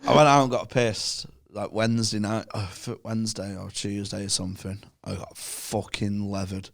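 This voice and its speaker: A man's voice: on the low side, flat delivery, moderate pace, vocal fry. A man in his thirties with a Manchester accent, a podcast guest telling bawdy stories and laughing mid-sentence. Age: 30s. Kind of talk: casual chat.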